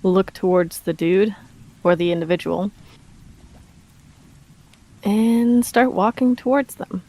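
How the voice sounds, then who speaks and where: A woman's voice: mid-range voice, slow pace, dark tone. A woman playing in a tabletop game, describing her character's moves and asking careful, hesitant questions. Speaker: player.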